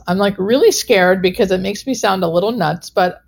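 A woman's voice: mid-range voice, moderate pace, gravelly. A woman hospice nurse telling a personal story in an interview, earnest and emotional, with many filler words.

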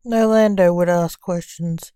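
A woman's voice: on the low side, fairly even intonation, a little slow, dark tone, clean tone, dry recording, lightly acted. A woman voicing a scared young male magician, the reaper king's son, speaking timidly and reluctantly.

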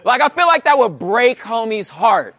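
A man in his thirties preaching a casual, conversational sermon, animated and slangy, often asking "you know what I'm saying". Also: very high voice, normal speed, breathy edge. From Los Angeles area.

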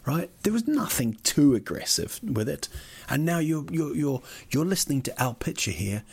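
A man's voice: a little high, very animated, moderate pace, creaky, a little mellow, breathy edge. A man, a comedian, telling a rambling, sweary comic story that keeps getting more worked up.

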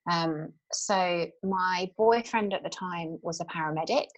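A woman in her thirties speaks as an interview guest, her voice sitting on the lower side and carrying a soft breathiness. She tells her story candidly, pausing on fillers and starting phrases over. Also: low-quality recording. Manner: candid, halting, with many fillers and restarts.

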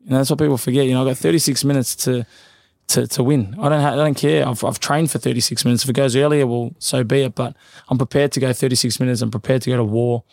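A man's voice: medium pitch, steady tone, vocal fry, a little mellow, no room sound, clean studio sound. A man, a professional boxer talking casually as a guest in an interview, full of fillers and restarts. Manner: rapid, loose, repeats fillers.

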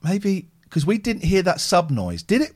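A man's voice: sits high, moderate pace. A middle-aged man hosting a livestream and chatting casually, acting out voices when he tells a story. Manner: animated, acts out voices in anecdotes. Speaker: livestream host. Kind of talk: casual chat.

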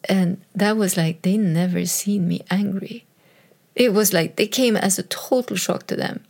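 A mother in her fifties, with a medium-pitched, gravelly, darkish voice and a measured pace, talks candidly about her own life. She's earnest and often repeats or restarts phrases as she reflects.

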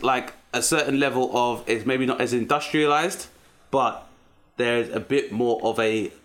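A man in his thirties with a London accent, a comedian telling animated stories in a casual interview. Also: medium pitch. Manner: animated storyteller, acts out strict relatives. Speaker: comedian guest.

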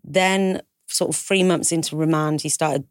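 A woman with a low, steady voice speaks a little slowly in a clean studio with no echo. As a podcast co-host, she candidly tells a personal story, often slipping into the voices of the people involved and laughing nervously.

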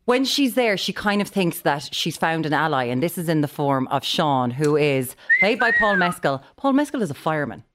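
A woman's voice: sits low, big pitch swings, moderate pace, few pauses, very noisy. A woman in casual chat about a TV series, steering the talk with questions to her co-hosts. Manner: leads the discussion with questions. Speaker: podcast co-host.

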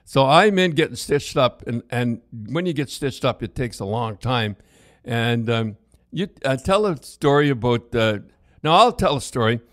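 A man's voice: medium pitch, lively intonation, moderate pace, a bit bright, dry recording, clean studio sound. An older man, a former hockey player, reminisces casually in a rambling way full of false starts.

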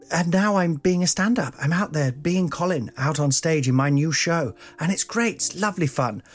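A man in his forties hosting a comic podcast, rambling and self-mocking, jumping between silly voices. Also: a little high. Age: 40s. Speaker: podcast host, comedian.

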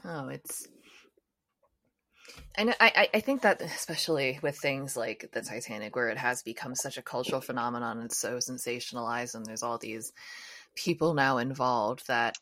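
A woman's voice: very deep voice, normal speed, fairly bright tone. A woman hosting a podcast in casual conversation, frank, swearing now and then and laughing easily. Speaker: podcast host.

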